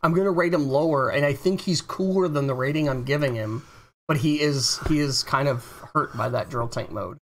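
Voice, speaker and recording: Gravelly-voiced man in casual chat. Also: a little high, brisk. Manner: rambling, enthusiastic, self-correcting. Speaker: podcast co-host reviewing toys. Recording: faint background noise.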